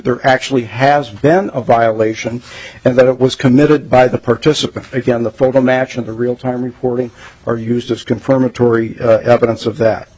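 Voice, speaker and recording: A man, a state traffic safety director, giving measured formal testimony at a legislative hearing with frequent pauses and fillers. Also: medium pitch, a little mellow, husky, low-quality recording.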